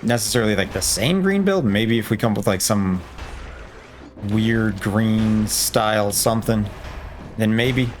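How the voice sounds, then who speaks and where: A man's voice: on the low side, measured pace, a little hiss or hum. A man giving casual, playful commentary while playing a video game, rambling with joking asides to himself. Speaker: let's play gamer.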